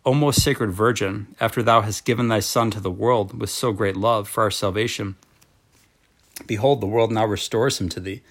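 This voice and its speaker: A man reading a devotional book aloud in a slow, measured, solemn manner. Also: lowish voice, steady tone.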